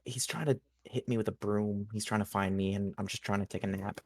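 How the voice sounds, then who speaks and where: A man playing in a tabletop game, relaxed and casual, laughing often. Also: on the low side, fairly quick, dry recording, clean studio sound. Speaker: player.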